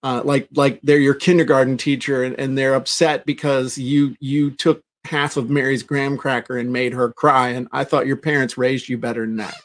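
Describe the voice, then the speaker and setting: A man co-hosting a casual business chat, animated and fond of acting out the people he talks about, often restarting his sentences. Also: medium pitch, moderate pace, few pauses. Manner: animated, acts out quoted people; frequent restarts and repeated words. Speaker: podcast co-host.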